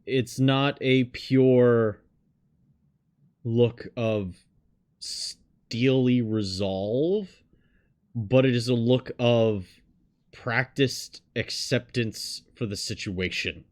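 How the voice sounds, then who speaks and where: A man's voice: mid-range voice, drawn-out words, pauses often. A man playing a tabletop role-playing game who thoughtfully describes his character's actions. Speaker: player.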